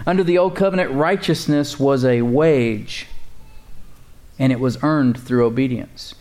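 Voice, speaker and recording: A man preaching a sermon as pastor, calling out to the congregation and slowly repeating key phrases. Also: mid-range voice, darkish tone.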